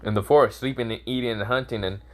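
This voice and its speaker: A man's voice: medium pitch, fairly even intonation, quick pace, close to an everyday voice. A man voicing a cocky, laid-back teenage boy ninja in a fan story, teasing and flippant. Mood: cheeky.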